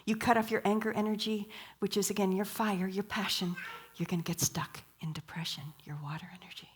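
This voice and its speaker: A woman's voice: medium pitch, steady tone, brisk, breathy edge. A woman giving a sermon at a church, telling stories, asking the audience questions and dropping to a whisper for emphasis. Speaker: guest speaker.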